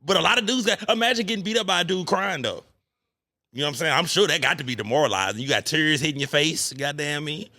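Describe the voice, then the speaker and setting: A man's voice: on the high side, lively intonation, fast talker, sharp tone, no room sound, studio quality. A man hosting a podcast in loose, casual chat, swearing and asking "you know what I'm saying" again and again. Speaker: podcast host. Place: cigar lounge.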